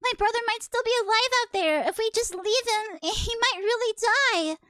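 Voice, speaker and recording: A woman's voice: lively intonation, moderate pace, sharp tone, dry recording, exaggerated voice. A woman voicing a young schoolgirl who pleads and cries out for her little brother while reading a manga aloud. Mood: desperate. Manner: pleading, shrill.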